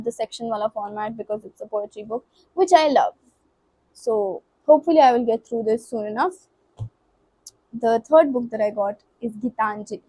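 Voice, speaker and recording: Teen woman, Delhi accent, higher voice, a bit husky; loose, stumbling chat, close and dry. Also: a little mellow, dry recording, poor audio. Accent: Indian English, Delhi. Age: late teens. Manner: rambling, self-interrupting, stumbles over words; switches between English and Hindi mid-sentence. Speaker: book vlogger. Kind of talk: casual unscripted chat.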